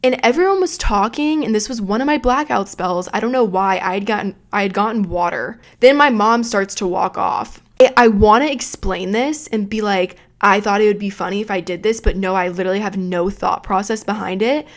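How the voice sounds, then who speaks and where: A woman's voice: mid-range voice, fairly quick, hardly any pauses. Chatty, swearing young woman telling stories. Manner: chatty and profane, retelling a night out. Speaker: podcast host. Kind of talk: casual storytelling podcast.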